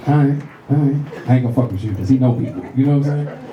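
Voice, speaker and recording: A middle-aged man doing stand-up comedy, telling animated profane stories and working the crowd on a club stage. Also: medium pitch, very fast, highs cut off, heavy background noise. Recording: roomy club with audience laughter.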